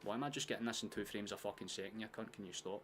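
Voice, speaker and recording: A Scottish man from near Glasgow streaming a football watchalong, chatting casually, swearing freely and shouting out at chances. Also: fairly low pitch, fairly even intonation, very fast, noisy background. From Scotland, near Glasgow. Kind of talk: casual live-stream chat and match commentary.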